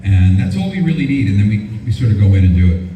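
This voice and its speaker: A man's voice: fairly low pitch, big pitch swings, fast talker, mellow, slight background noise. An older man who is a voice actor, answering fans at a convention panel with jokes and self-deprecating stories. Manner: joking, self-deprecating storyteller. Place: large convention panel hall. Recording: echoey hall, speaker far from mic.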